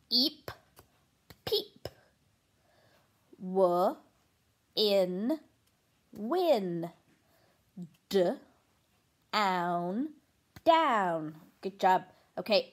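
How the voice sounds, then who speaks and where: Woman pre-K teacher, very slow, deliberate sound-by-sound delivery, sing-song, encouraging. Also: medium pitch. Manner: clear, exaggerated sounding out of letters and words, encouraging praise. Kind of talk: slow, sing-song phonics lesson for young children.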